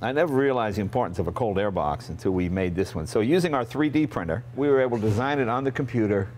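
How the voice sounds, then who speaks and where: A man in his sixties, raised in Massachusetts, talks in a lowish voice as he hosts his own show. He tells car stories in a chatty, animated way and slips into the voices of the people in them. Faint noise sits behind him. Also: quick pace. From Massachusetts, USA. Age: 60s. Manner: chatty, animated, acts out family members' lines. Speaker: host. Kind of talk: casual storytelling about cars.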